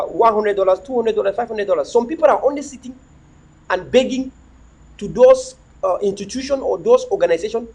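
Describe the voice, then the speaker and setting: A middle-aged man holds forth on his livestream in a very high, husky voice. He preaches and repeats himself, firing off rhetorical questions in a lively, swinging delivery. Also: low-quality recording. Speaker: livestream host. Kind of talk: impassioned livestream monologue.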